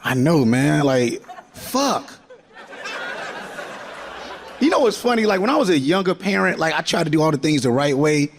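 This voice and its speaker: A man in his forties doing stand-up in a loud, rowdy, freely swearing manner. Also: a little high, lively intonation, normal speed, pauses often, a little hiss or hum. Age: 40s. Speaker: stand-up comedian. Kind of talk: stand-up routine.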